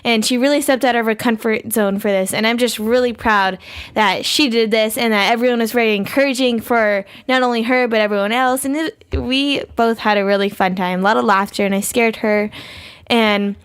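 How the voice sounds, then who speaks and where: A young woman co-hosting a podcast, rambling excitedly through stories in casual chat. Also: fairly high pitch, normal speed, clean tone. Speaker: podcast co-host.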